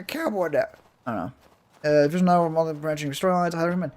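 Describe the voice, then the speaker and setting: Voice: mid-range voice, fairly quick, a little mellow. Game streamer, casual live-stream chat, rambling, profane. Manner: rambling, profane, chatty with viewers.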